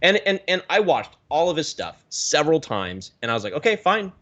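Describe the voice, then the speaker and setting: A man from the Pacific Northwest, a guest telling his story in a rambling, animated way with many restarts, on a video call. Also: on the high side, a little fast. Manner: animated, rambling, self-correcting. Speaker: guest, aquarium YouTuber.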